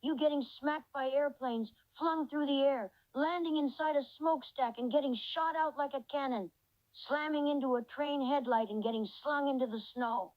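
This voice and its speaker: A woman's voice: sits high, normal speed, dry recording, highs cut off, natural voice. A woman's synthetic voice playing a cheerful reindeer companion in an AI chat role-play, effusive and full of praise. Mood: amused. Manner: effusive, reads out its own laughter cues.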